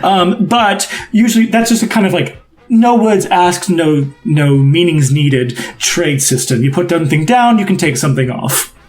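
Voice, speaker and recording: A flamboyant male shopkeeper flirts with everyone in a showy, sing-song voice, put on by a man. The voice sits high and swoops widely. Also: lively intonation, normal speed, soft background music, close to an everyday voice. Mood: flirtatious.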